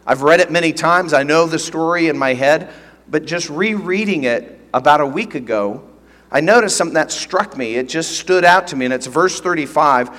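A man's voice: on the high side, normal speed, a bit bright. A man preaching a sermon as pastor, teaching earnestly and emphatically, often repeating phrases. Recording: long reverb of a large hall.

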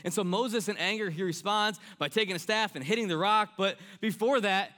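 Young guy preaching, bright crisp voice, keeps saying right? and repeating himself. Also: high-pitched, brisk. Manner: earnest preaching, repeats key lines, many fillers like "right?" and "I mean". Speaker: pastor. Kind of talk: sermon.

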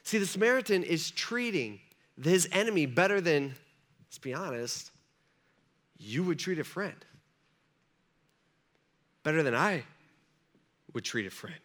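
A man's voice: on the high side, a little slow, long pauses. A man preaching a sermon to a live congregation in a casual, conversational way, acting out quoted lines as he goes. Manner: animated, conversational, acts out dialogue. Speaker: pastor.

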